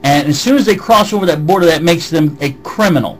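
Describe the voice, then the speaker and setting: A man's voice: on the high side, expressive, fast talker, a little hiss or hum, rough recording. A man with a slight Southern American accent, ranting on a vlog and reading out comments in a heated, swearing voice. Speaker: vlogger. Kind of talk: angry vlog rant answering comments.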